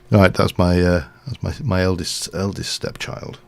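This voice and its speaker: A middle-aged Englishman streams a game and chats in a loose, rambling way, full of ums and small chuckles. His voice sits very low and has a gravelly rasp. A faint hiss runs under his talk. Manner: rambling, chatty, with fillers and chuckles. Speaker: live streamer. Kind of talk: casual chat while playing a game.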